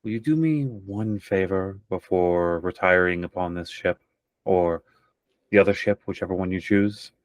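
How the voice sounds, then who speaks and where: A man voicing an older, weary ship captain who speaks softly and in a hushed way. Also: takes it slowly, creaky, long pauses, dry recording, heavily acted. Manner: soft, low and hushed.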